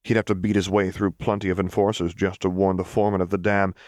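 A man reading fan fiction aloud in a measured, even narration. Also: sits low, no room sound, studio quality. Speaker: audiobook reader.

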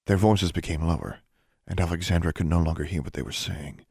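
A man narrating an audiobook in a steady, even storytelling manner. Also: low voice, fairly quick, creaky, slightly rough, dry recording, studio quality. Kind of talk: scripted narration.

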